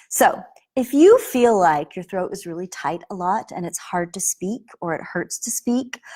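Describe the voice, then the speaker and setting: A woman's voice: fairly low pitch, darkish tone. A woman acting teacher giving a casual spoken lesson to camera, earnest and explanatory, often restarting her sentences.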